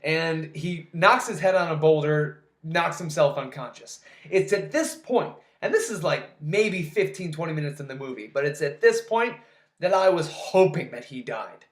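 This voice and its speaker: A casual movie recap delivered as a sarcastic, exasperated rant with frequent swearing. The voice sits at a middling pitch, and a roomy echo surrounds it. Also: expressive, moderate pace. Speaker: movie reviewer.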